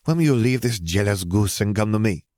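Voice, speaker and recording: A man voicing a cheeky, teasing young girl in a storybook reading, with a shrill, squealing voice. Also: lively intonation, a little fast, a little mellow, no room sound, clean studio sound, close to an everyday voice.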